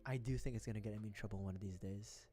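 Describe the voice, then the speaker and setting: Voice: mid-range voice, fast, dark tone, faint music behind. A streamer from the Philippines chatting casually on a livestream, rambling, self-mocking and laughing often.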